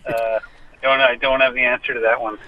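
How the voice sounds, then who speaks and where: A man's voice: mid-range voice, little pitch movement, fairly quick. A man joining a radio interview by phone from his parked car, talking in a wry, self-deprecating way with frequent stammered restarts. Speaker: guest musician. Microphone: phone call. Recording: muffled lo-fi phone line.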